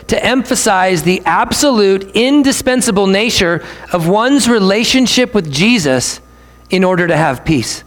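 Brief: male preacher, high voice, emphatic sermon delivery, hall reverb. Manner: emphatic, repeats key lines slowly. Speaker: pastor.

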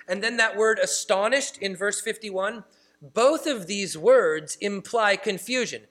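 A male pastor delivers a sermon in a high, bright voice. He leans hard into key phrases, then drops to soft, low asides. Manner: emphatic, shifts between loud stresses and quiet asides. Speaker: pastor and church planter.

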